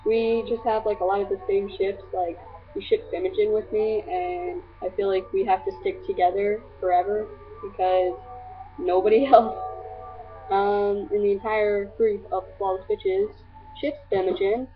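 A woman's voice: medium pitch, normal speed, soft background music. A teenage girl vlogging casually to her friends, gushing and rambling with lots of fillers. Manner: gushing, scattered, filler-heavy. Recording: tinny lo-fi webcam audio.

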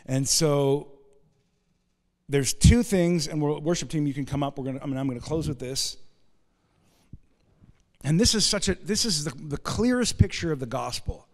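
Man, pastor, sermon, high voice, emphatic, wry asides, long church reverb. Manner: emphatic preaching, swinging between loud rising stresses and quiet low asides; adds wry humorous asides. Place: church sanctuary.

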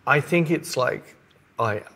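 A man's voice: mid-range voice, slow, husky. A man in middle age talks over a podcast in an easy, conversational way. He tells stories with animation, dropping into little voices for the people he quotes. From Australia. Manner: animated storyteller, acts out quotes. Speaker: podcast co-host. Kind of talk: casual chat.

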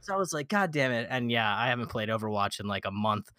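A man telling a gaming story in a casual podcast chat, animated, swearing often and acting out quotes. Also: medium pitch, quick pace, no room sound, studio quality. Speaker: podcast guest.

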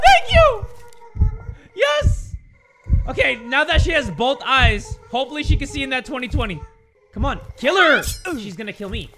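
A young man giving excitable let's play commentary on a game, breaking into shouts and yelps. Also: very high-pitched. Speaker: gaming YouTuber.

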